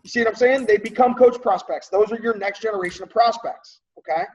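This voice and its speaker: A man leading a team training call in a casual coaching style, checking in often with his listeners and clearing his throat now and then. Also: high voice, fairly quick, a little mellow, recorded from a distance. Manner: conversational, checks in often with "right?" and "okay?". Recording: dull lo-fi audio from off-mic.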